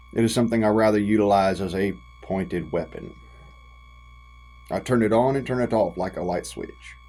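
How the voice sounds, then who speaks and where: An American man vlogger delivers an impassioned rant straight to the camera, folksy and profane, drawing out his words for emphasis. His voice sits on the low side with a darkish tone, and the recording quality is poor.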